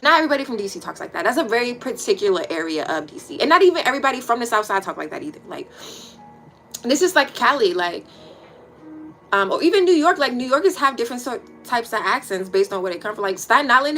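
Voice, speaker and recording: Brief: woman, 30s, DC accent, candid livestream chatter, a touch high-pitched, faint music behind. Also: very animated, fast talker, rough recording. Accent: Washington, D.C. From Washington, D.C. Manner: candid, blunt, swears freely, trails into quiet asides. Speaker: livestream host. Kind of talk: casual chat with viewers.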